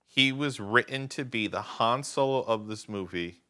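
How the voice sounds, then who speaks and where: A man on a podcast tearing into a movie he dislikes. His voice is bright and forceful, and his delivery is sarcastic and animated. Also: mid-range voice, normal speed. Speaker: podcast co-host. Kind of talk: casual film review chat.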